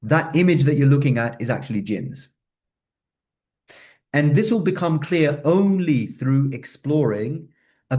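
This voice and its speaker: A man's voice: medium pitch, a little mellow. Earnest man giving a lecture. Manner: earnest, emphatic, slows on key words. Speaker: religious speaker.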